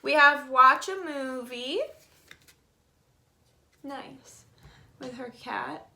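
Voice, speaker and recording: A young woman giving a casual tarot reading, chatty and animated, swearing freely. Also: high voice, drawn-out words, creaky, slight background noise. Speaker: tarot reader.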